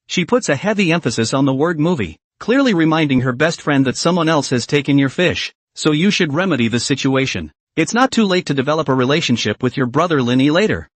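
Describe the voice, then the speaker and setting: Lively man narrating a story recap. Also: a little high, fairly quick, no room sound.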